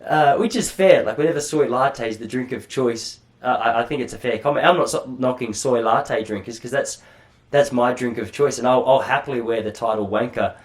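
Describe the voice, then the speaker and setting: A man's voice: medium pitch, fairly quick. Rambling Australian man podcasting solo. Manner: rambling, chatty, self-deprecating, swears casually. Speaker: podcast host. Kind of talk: solo casual monologue.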